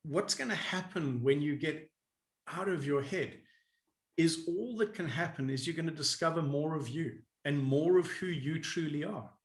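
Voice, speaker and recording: A man coaching in an animated interview. He talks in a lively way, laughs often and acts out people's inner voices. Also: a little high, moderate pace, echoey room.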